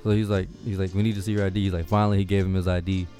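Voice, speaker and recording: A man in casual chat, telling a funny story, often laughing and getting loud when he quotes people. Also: deep voice, racing, soft background music. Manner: laughs while telling stories, animated when quoting others.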